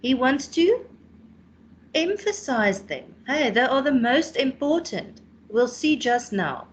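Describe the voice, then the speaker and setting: A woman's voice: high-pitched, very animated, slow pace. A South African woman teaching a class online, explaining a poem and often ending with "hey?".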